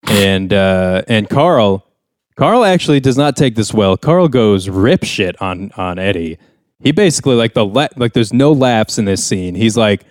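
A man's voice: lowish voice, animated, a little slow, dry recording, studio quality. A young man co-hosting a casual podcast, recapping a sitcom episode in a rambling way and acting out the characters' lines. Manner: rambling storyteller, acts out characters' lines with raised voice. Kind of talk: casual chat.

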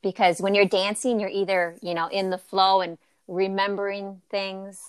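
A woman's voice: medium pitch, flat delivery, normal speed, clean tone, no echo. A woman guest on a podcast chatting casually, playful and enthusiastic. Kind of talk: casual interview chat.

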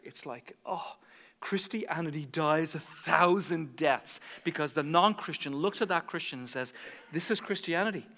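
A man preaching a sermon as pastor, telling stories animatedly and swinging from hushed asides to fired-up passion. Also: a little high, big-room sound.

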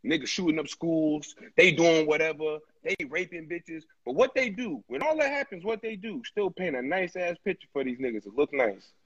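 A man's voice: on the high side, moderate pace, hardly any pauses, breathy edge. A man co-hosting a casual podcast chat, blunt and profane, ranting his opinions. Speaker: podcast co-host. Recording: dull lo-fi recording.

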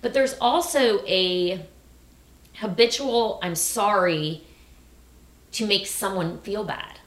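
A middle-aged woman co-hosting a casual talk, animated, acting out quoted phrases. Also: medium pitch, roomy sound. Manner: animated, quick asides, acts out quoted phrases. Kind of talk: casual conversation.

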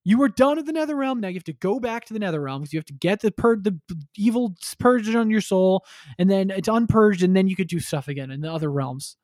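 A man's voice: high voice, expressive, quick pace, darkish tone, no echo, studio quality. A man chatting casually on a podcast, retelling a story and acting out characters with crude humor. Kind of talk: casual chat.

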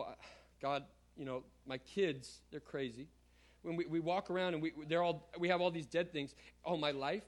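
Male pastor, middle-aged, slightly high voice, animated sermon delivery with scripture reading and casual asides. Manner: animated preacher, repeats words, conversational asides.

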